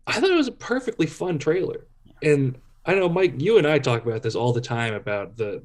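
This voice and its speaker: A man's voice: mid-range voice, a little mellow. Amused, chuckling man on a podcast panel. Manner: amused, laughing often. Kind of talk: casual pop-culture chat.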